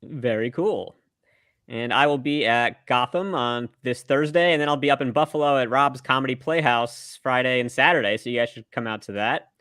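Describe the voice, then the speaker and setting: A man's voice: mid-range voice, normal speed, a bit bright, no echo, studio quality. A man hosting a casual comedy chat show, joking and teasing his guests. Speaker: show host.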